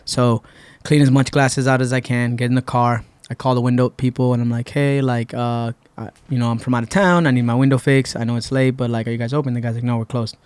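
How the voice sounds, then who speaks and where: In a dry, smooth studio recording, a Puerto Rican man on a podcast rattles off a long story quickly, barely pausing, his medium-pitched voice relaxed as he plays out each person's words.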